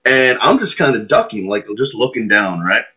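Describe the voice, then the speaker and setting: Speaking at a moderate pace in a medium-pitched voice with a breathy edge, a man spins a lengthy, casual story as a podcast guest. He animatedly voices the characters and his own lines, and the podcast audio is muffled and lo-fi.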